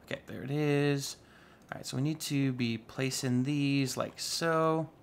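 A man's voice: medium pitch, unhurried, gravelly, slight background noise. A man giving casual, chatty commentary while playing a modded block-building game, rambling with playful asides. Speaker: Minecraft YouTuber.

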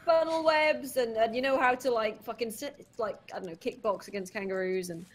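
A woman's voice: a little high, fairly quick. A woman ribbing her friends crudely over voice chat during a poker game. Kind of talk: casual gaming chat with friends.

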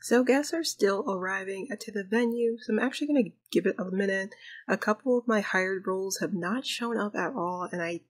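Chatty, giggly female gamer narrating her playthrough, mid pitch. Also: a little fast. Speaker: gaming YouTuber. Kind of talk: casual game narration.

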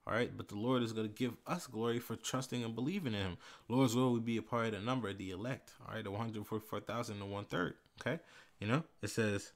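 A man giving a casual bible lesson, reading verses slowly and with emphasis, tagging phrases with "man" and "all right". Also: fairly low pitch. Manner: reads scripture slowly and loudly, fillers like "man" and "all right". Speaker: bible teacher.

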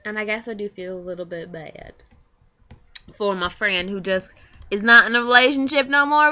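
A teenage girl, a high school senior, rambling in a casual confessional vlog, full of "like" and quick self-corrections. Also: sharp tone. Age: teens. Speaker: vlogger.

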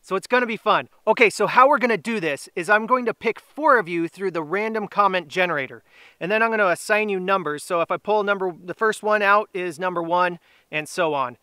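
A man's voice: high-pitched, bright, forceful tone, clear, resonant tone, no echo, studio quality. A middle-aged man hosting an outdoor giveaway video, chatty and upbeat, drawing out the winners' names. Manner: upbeat, chatty, drawn-out announcements. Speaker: grilling channel host. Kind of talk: casual giveaway vlog.

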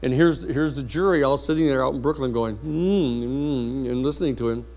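A man lecturing a university class, telling a courtroom story in a blunt, lively anecdotal way. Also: mid-range voice, fast.

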